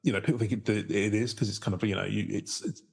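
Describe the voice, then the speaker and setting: A man's voice: fairly low pitch, fairly even intonation, quick pace, creaky, a little mellow, husky. A man co-hosting a podcast in casual chat, rambling loosely and correcting himself as he goes. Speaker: podcast co-host.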